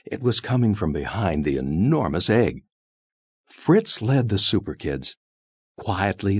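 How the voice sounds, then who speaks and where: A man reading a children's story aloud in an animated, sing-song way, putting on high squeaky voices for the characters. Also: slightly rough, no echo.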